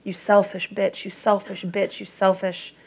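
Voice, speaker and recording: A woman's voice: medium pitch, level tone, measured pace, creaky, a little mellow, breathy edge. A woman voicing a volatile, controlling adult woman in an audiobook, with clipped, accusing and menacing lines.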